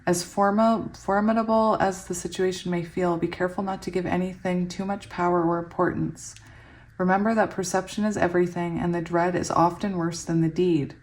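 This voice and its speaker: A young woman giving a casual tarot reading, giggly and excitable, often laughing as she reads the cards aloud. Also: lowish voice, fairly quick. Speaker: tarot reader.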